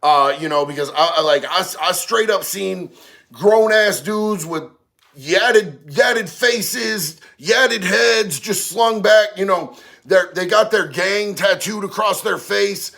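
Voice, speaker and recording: Man, high gravelly voice, slangy streetwise livestream host, casual chat. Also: slow pace, a bit bright. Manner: slangy, streetwise, says bro a lot.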